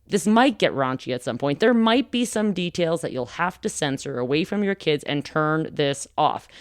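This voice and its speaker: A woman with a low, husky, smoky voice hosts a relaxed podcast conversation. She talks in an easy, chatty way, close to the mic in a dry room with almost no echo. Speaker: podcast host. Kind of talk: casual chat.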